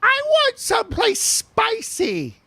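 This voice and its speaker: Comic bit: male host doing a numb, giddy tipsy woman, pitched way up and drawled. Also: wildly swooping pitch, takes it slowly, bright, forceful tone, dry recording, heavily acted.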